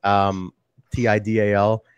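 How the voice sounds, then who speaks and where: A man's voice: on the low side, flat delivery, unhurried, smooth, no room sound, dull audio. A man chatting casually with his bandmates over a video call, rambling and full of fillers. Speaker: band member. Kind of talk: casual chat.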